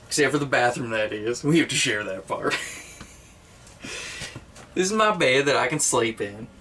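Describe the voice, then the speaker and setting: A man's voice: medium pitch, expressive, normal speed, pushed and bright, a little hiss or hum. A man playing a naive, cheerful secretary. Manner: earnest, naive, rambling. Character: dim-witted, cheerful young male secretary. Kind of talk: mockumentary comedy.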